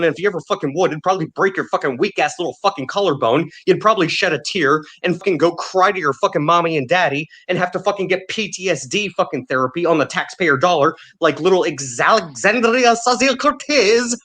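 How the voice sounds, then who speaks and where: A man hosting a podcast, delivering a furious, heavily profane rant full of shouted insults. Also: a little high. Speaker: podcast host.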